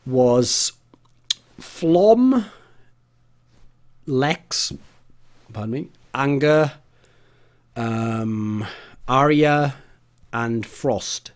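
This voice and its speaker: A man's voice: medium pitch, a little mellow. A man giving an opinion monologue as an esports commentator, blunt and casual, with swearing and rambling asides.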